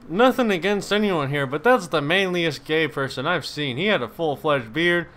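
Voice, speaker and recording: A young man giving casual gaming commentary, swearing freely, laughing and reacting loudly to the game. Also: fairly high pitch, expressive, moderate pace. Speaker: gameplay commentator.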